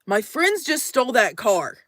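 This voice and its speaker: A woman's voice: on the high side, very animated, a little slow, fairly bright tone, no room sound, studio quality, heavily acted. A woman voicing a casual, shady man camped nearby. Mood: offhand.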